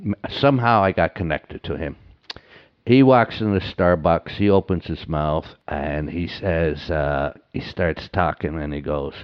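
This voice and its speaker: A man's voice: extremely low pitch, measured pace, clean tone, dull audio. A man, a marketing consultant, chatting as a guest in an interview, telling anecdotes, acting out the lines of people he quotes, and often checking in with "right?". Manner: anecdotal, acts out quoted dialogue, frequent "right?". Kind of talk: casual interview chat.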